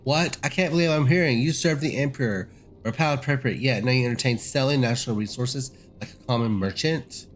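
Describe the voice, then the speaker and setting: A man's voice: medium pitch, a little fast, a little hiss or hum, close to an everyday voice. A man voicing an indignant older nobleman who scornfully accuses others of treachery. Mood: outraged. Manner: outraged, accusing.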